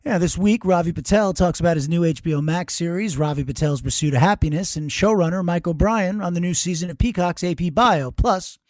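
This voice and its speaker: A man's voice: sits high, a little fast, hardly any pauses, a little mellow, no room sound. A man reading an upbeat, bantering promo for another podcast. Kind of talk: scripted promo.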